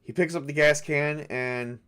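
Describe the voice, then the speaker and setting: A man's voice: a little high, unhurried, fairly bright tone, smooth. A man narrating a solo tabletop game, thinking aloud as he decides what happens. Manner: musing, thinking aloud with fillers. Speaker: solo game master and player. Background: faint background music.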